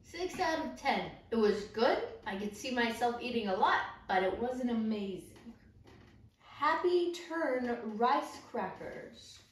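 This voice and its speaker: A woman's voice: on the high side, normal speed, few pauses. A woman co-hosting a casual snack taste-test, upbeat and chatty, exclaiming at the flavors. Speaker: co-host of a snack tasting video. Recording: very echoey room, mic far off, faint noise.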